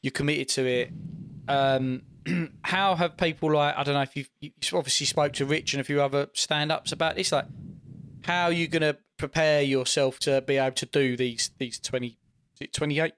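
A man's voice: a little high, fairly even intonation, normal speed, a bit bright, slight background noise. A man co-hosting a casual comedy podcast, playful, asking questions with stumbling restarts. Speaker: podcast co-host. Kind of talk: casual chat.

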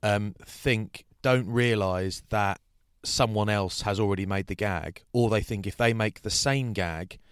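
A chatty man with a fairly low voice tells rambling stories in a casual chat. The close, dry sound leaves no room echo. He mimics other people now and then. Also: unhurried, hardly any pauses, clean tone. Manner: chatty, rambling, does mocking voices for hecklers. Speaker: rugby broadcaster and podcast co-host.

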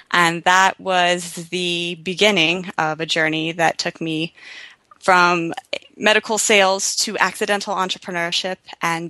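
Bright-voiced woman entrepreneur. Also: lowish voice, no echo, low-quality recording. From United States. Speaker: guest entrepreneur. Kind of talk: interview.

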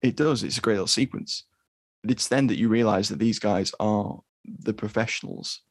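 A man co-hosting a podcast, talking about a film in a relaxed, measured way. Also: lowish voice, no echo, studio quality. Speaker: podcast co-host. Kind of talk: casual film discussion.

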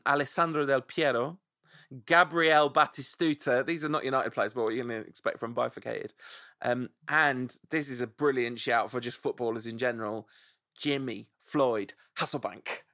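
A podcast host chats casually, playfully savoring each name as he reads out suggestions. His medium-pitched voice is pushed and bright at a moderate pace, in clean studio sound with no echo.

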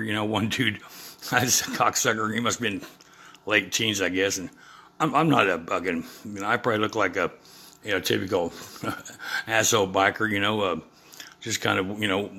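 A man's voice: fairly low pitch, gravelly, slightly rough. An older man hosting his own podcast, talking in an unscripted, rambling rant full of swearing and fillers. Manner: profane and rambling, with many fillers; gets loud and heated when quoting himself. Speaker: podcast host.

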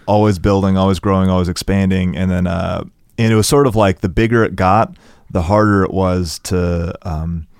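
Guest musician, a man with a very deep gravelly voice, thoughtful and halting. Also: steady tone, darkish tone, no echo, studio quality. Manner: reflective, hesitant, halting. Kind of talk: casual interview chat.

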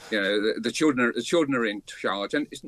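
A man's voice: medium pitch, fast, fairly bright tone, no room sound. A man speaking as a guest commentator in a radio debate, emphatic and indignant.

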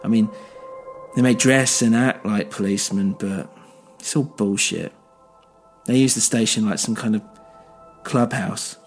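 A man's voice: lowish voice, faint music behind. A man voicing a bitter, weary male police officer who rambles and swears in a single-voice audio drama. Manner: rambling, halting, crude.

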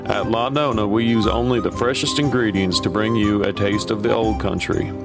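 Cheesy restaurant-owner ad read, by a man, low, music bed behind. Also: fairly even intonation, normal speed, natural voice. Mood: salesy. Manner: hammy salesman pitch. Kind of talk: parody radio ad.

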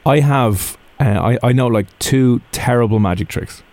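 A man's voice: mid-range voice, normal speed, noisy background. A man hosting a radio show, joking and self-deprecating, laughing often. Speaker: radio host. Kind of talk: radio interview banter.

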